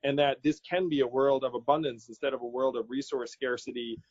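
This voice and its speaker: A man's voice: mid-range voice, steady tone, a little fast, darkish tone, slightly rough. A man being interviewed as a political candidate, talking casually and animatedly, quoting people in his stories and laughing easily. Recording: dull lo-fi audio.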